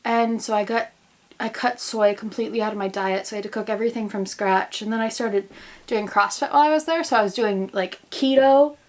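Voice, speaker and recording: Speaking briskly at a medium pitch, a young American woman in her twenties chats casually to the camera from home in quarantine. She is a vlogger and grad student, and her talk is rambling, goofy and full of jokes at her own expense.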